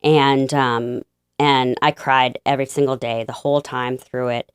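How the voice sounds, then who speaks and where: Low-voiced woman telling her story. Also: level tone, clean tone, dry recording, clean studio sound. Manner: halting, many fillers and restarts, emotional. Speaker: guest. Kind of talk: personal testimony in an interview.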